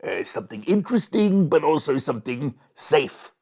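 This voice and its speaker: A storyteller reading a bedtime storybook and voicing a nervous, cautious lemur that hesitates and mumbles in a lowered, gravelly, breathy voice. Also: sing-song, normal speed, a little mellow. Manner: hesitant, mumbling, starting lines with uh.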